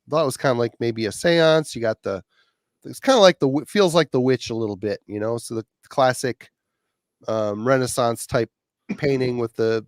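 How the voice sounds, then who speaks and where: A man's voice: medium pitch, no echo, clean studio sound. A man co-hosting a casual podcast chat, talking loosely with jokes and laughter.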